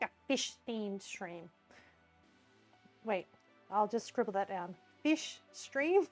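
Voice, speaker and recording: An Australian woman streamer chatting casually while she cooks in her home kitchen, giggly and scattered. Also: on the high side. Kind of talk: casual live-stream chat while cooking.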